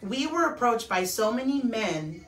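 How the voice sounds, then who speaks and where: A woman's voice: on the high side, unhurried. A woman comedian, chatting animatedly and laughing as a guest. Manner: animated, laughing storyteller, slips into Spanish. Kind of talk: casual chat. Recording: echoey room, mic far off.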